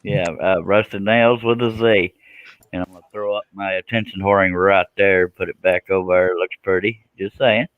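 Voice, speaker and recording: A man's voice: low voice, fairly even intonation, normal speed, no echo, phone-quality sound. A man hosts a casual scroll saw livestream, folksy and self-deprecating, laughing often. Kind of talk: casual chat.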